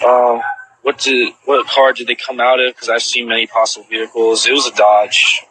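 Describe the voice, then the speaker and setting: A man's voice: medium pitch, little pitch movement, moderate pace, background noise. A man casually retelling what he witnessed and answering viewers' questions, rambling with lots of "like" fillers and restarts.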